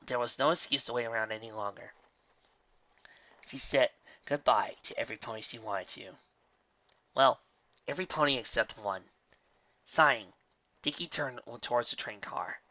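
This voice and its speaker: A man narrating a fan fiction audiobook with expressive storytelling. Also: medium pitch, moderate pace, long pauses, no room sound, dull audio. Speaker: reader.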